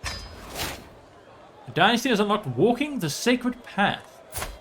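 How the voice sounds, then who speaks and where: A man's voice: high voice, big pitch swings, slow, a bit bright, a little hiss or hum. A man hosting a let's play, commenting on a strategy game and slipping into mock-archaic, theatrical speech as his ruler. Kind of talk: gameplay commentary with role-play.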